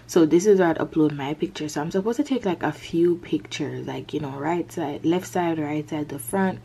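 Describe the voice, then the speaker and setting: A young college woman talks casually to her camera, her voice sitting a little low. She rambles in a chatty, open way, leaning on "like" and sounding a touch self-conscious. A faint hiss runs underneath. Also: moderate pace, gravelly, mellow. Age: young adult. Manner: chatty, peppered with "like". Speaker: college student vlogger. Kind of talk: casual vlog chat to camera.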